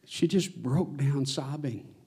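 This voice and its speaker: A man's voice: medium pitch, slow, darkish tone, husky. A man preaching a sermon as pastor, earnest, his voice swelling on his exhortations.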